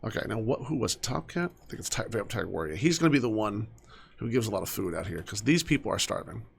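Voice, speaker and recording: A young man giving casual commentary while he plays a game, chatting to his characters and often dropping to soft mutters. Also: on the low side, lively intonation, fast talker, vocal fry, breathy edge. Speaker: gaming streamer.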